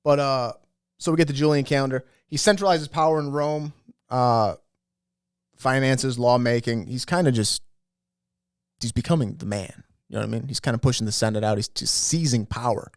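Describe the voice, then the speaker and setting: A man co-hosting a podcast, talking loosely and rambling with plenty of fillers and casual swearing. His voice sits in an ordinary middle pitch. The sound is dry and close, with no room around it. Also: normal speed, clean tone, dry recording. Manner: rambling, laughs often, swears. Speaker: podcast co-host. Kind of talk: casual chat.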